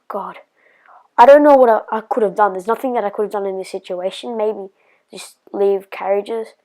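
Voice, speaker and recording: A woman's voice: mid-range voice, a little mellow, rough recording. A woman telling a personal story in a casual vlog, rambling and hesitant with lots of fillers, sometimes dropping to a whisper.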